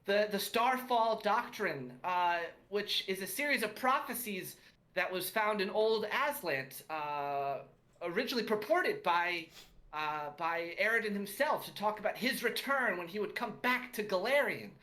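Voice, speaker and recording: A man's voice: high voice, animated, sharp tone, voice pushed up, full character voice. A man doing a studious young elf girl. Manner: slow, careful, studious. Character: earnest young elf schoolgirl.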